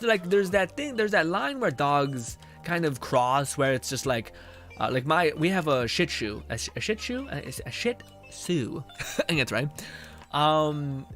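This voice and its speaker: A man's voice: a little high, a bit bright. A young man streaming a game, chatting casually with viewers, rambling and swearing often, with laughs between phrases. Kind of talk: casual chat with viewers while gaming.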